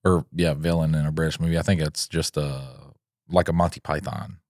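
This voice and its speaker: A man's voice: very deep voice, level tone, brisk, darkish tone, no echo, studio quality. A man co-hosting a comedy podcast, joking crudely and slipping into silly put-on accents. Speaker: podcast co-host.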